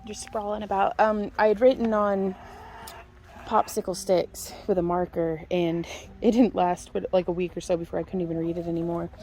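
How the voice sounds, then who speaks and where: A woman's voice: lowish voice, steady tone, moderate pace, warm tone, faint music behind. A woman from Missouri, casually talking through a walk around her backyard homestead garden, chatty and folksy, laughing often. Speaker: homestead vlogger.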